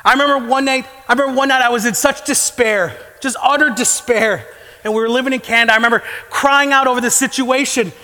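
A man's voice: very high voice, steady tone, fast, pushed and bright. A man preaching a sermon as pastor, fervent and building to impassioned pleading in places. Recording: long hall reverb.

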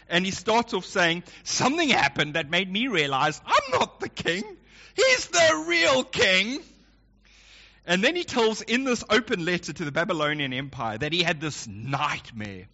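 A middle-aged man preaching a sermon as pastor, telling stories and acting out quotes as he goes. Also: on the high side. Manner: lively storytelling with acted quotes. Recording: lo-fi dull recording.

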